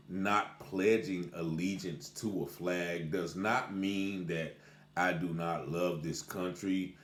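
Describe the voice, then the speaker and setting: A man giving a casual spoken commentary to camera, deliberate and emphatic, pausing to stress key words. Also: sits low, darkish tone. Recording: echoey room.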